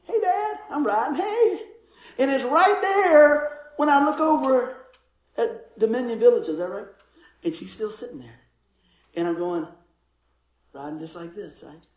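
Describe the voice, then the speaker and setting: High-voiced, animated man preaching. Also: roomy sound, poor audio. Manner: animated storytelling, acting out voices. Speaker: pastor. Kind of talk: sermon.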